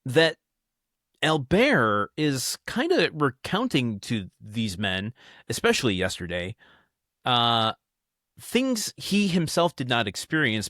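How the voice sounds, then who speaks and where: A man's voice: medium pitch, fairly bright tone, dry recording, clean studio sound. A man giving casual commentary on a novel he reads aloud, musing and correcting himself as he goes. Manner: musing, self-correcting, with fillers. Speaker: audiobook reader and podcaster.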